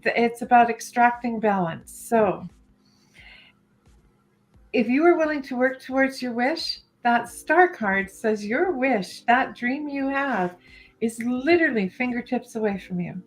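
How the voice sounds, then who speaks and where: A woman with a high voice giving encouraging tarot readings on a live stream, calling people "honey" and "darling". Faint music plays behind her throughout. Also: lively intonation, measured pace, low-quality recording. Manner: warm endearments, giggly, encouraging. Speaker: co-host psychic reader.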